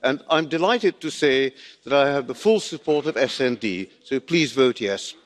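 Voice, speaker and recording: A man member of parliament giving a measured, assertive formal speech as rapporteur in a parliament chamber. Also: mid-range voice, animated.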